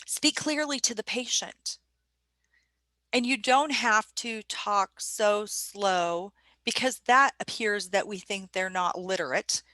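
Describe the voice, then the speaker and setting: A woman's voice: medium pitch, slow, pushed and bright, no echo. A woman presenting a staff training webinar in a conversational way, putting questions to her audience.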